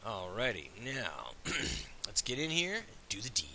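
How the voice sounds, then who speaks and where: A man hosting a let's play, with jokey, excitable commentary. His voice is very bright and forward, and his pitch jumps around a lot. He swings quickly between asides and cheers. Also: slight background noise. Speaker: gaming host.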